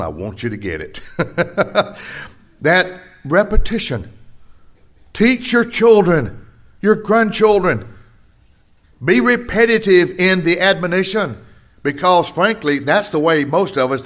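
An older man preaching a sermon to his congregation, swinging between rising emphasis and quiet personal stories. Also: a little high. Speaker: pastor.

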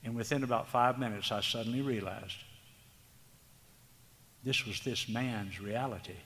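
Male preacher, mid-pitched; earnest, tender sermon delivery; reverberant sanctuary. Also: fairly bright tone. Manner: earnest, tender, slow, emphatic. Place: church hall. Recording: long hall reverb, faint background noise.

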